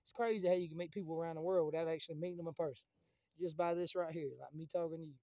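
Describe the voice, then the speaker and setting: Man vlogger, high mellow voice, loose profane rambling. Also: steady tone, racing, dry recording, dull audio. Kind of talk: casual rambling monologue to camera.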